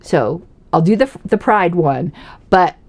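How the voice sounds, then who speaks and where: A woman's voice: lowish voice, expressive, slow, darkish tone. A woman hosting a casual political commentary livestream, chatty and self-mocking, often laughing as she talks.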